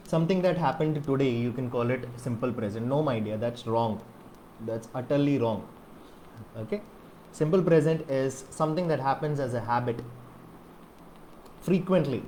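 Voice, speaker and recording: Male English tutor, Malayalam first language, slightly high voice, explanatory, faint background noise. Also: dark tone. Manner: explains with repeated okays and rhetorical questions. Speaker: English teacher. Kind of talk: grammar lesson to camera.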